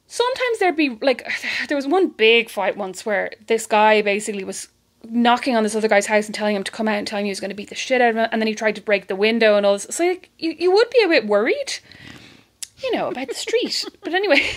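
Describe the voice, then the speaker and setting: An Irish woman tells stories quickly in a casual podcast chat. Her voice sits a little high, and she acts out the people she quotes with lively shifts. The manner is friendly and conversational. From Ireland. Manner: animated storyteller acting out quoted voices. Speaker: podcast co-host.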